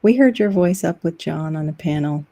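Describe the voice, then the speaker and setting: Chatty low-voiced woman host. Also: moderate pace, mellow. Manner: chatty, laughs often. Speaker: talk show host. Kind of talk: casual chat.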